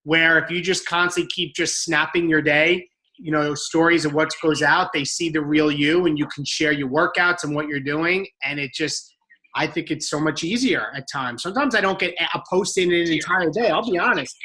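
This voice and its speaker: A man's voice: on the high side, normal speed, bright, forceful tone. A man hosting a casual team call as a fitness coach, speaking candidly in long run-on stretches.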